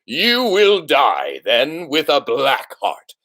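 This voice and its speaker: A man voicing a stern, pompous elder head mouse who hands down judgments slowly. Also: huge pitch swings, sharp tone, heavily acted. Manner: slow, booming, pompous pronouncements.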